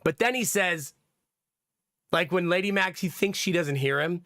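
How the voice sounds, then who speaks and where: Chatting casually on a livestream, a young man wanders from one topic to the next and laughs often. His voice sits high and sounds pushed and bright, animated at a moderate pace. Clean studio sound, no echo.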